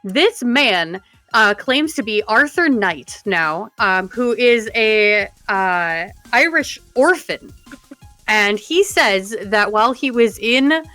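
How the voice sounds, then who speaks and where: Podcast co-host, woman, bright dry voice, animated casual storyteller. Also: a little high, slow, no room sound, soft background music. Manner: animated storytelling with frequent laughs and fillers.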